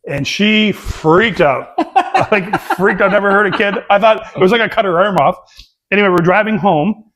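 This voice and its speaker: A middle-aged man on a casual podcast, telling family stories in an animated way, with frequent "uh" and "right?". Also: high voice, moderate pace. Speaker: podcast co-host. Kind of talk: casual chat, storytelling.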